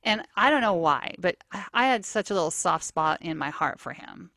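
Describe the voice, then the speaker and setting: Woman, teacher, animated storyteller, casual podcast chat, dry close sound. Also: on the low side, moderate pace, creaky, no echo. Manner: storytelling, animated, acts out quotes.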